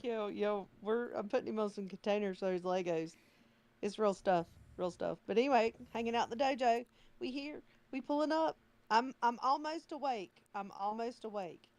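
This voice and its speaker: A woman's voice: on the high side, moderate pace, a little mellow. A woman joining a live online audio chat, bubbly and enthusiastic, repeating herself as she gushes. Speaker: guest speaker in a live audio space. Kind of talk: casual live-stream chat.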